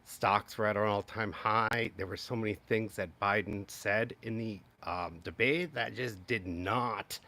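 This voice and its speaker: A man hosting a live political commentary stream, his voice jumping up and down with lots of exclaiming. He sometimes slips into mocking, high-pitched impressions of other people. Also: unhurried, few pauses, sharp tone. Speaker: political commentary channel host.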